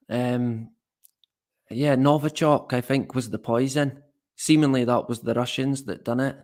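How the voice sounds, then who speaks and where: A man's voice: mid-range voice, darkish tone. A man hosting a live stream, talking casually and rambling, mocking the stories he covers, swearing now and then, and reading out the chat.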